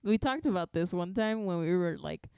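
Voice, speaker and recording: A woman's voice: lowish voice, lively intonation, normal speed, gravelly, dark tone, clean tone, dry recording, studio quality. A woman hosting a podcast, telling a story in casual chat, swearing freely and laughing often. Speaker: podcast host.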